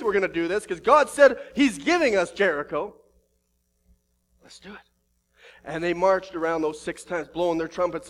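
A male pastor preaching a sermon, telling a story with animated acted-out dialogue. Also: high voice.

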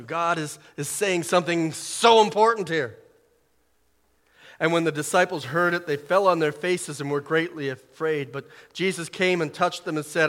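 A man preaching a sermon in short, emphatic phrases, swelling loud and dropping soft as he reads scripture. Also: a little high, in a large hall.

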